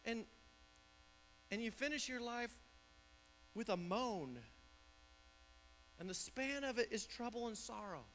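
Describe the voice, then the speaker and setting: A man's voice: very high-pitched, lively intonation, slow pace, pauses often, a bit bright, a little hiss or hum, rough recording. A man pastor preaching a conversational sermon in a church, often restarting and repeating words.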